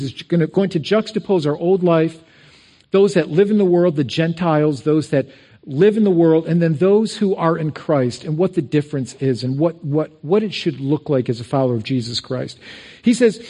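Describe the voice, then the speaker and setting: A man's voice: fairly high pitch, warm tone. A middle-aged man preaching a sermon in a church, talking conversationally, sharing personal stories and repeating words as he goes. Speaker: pastor. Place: church sanctuary.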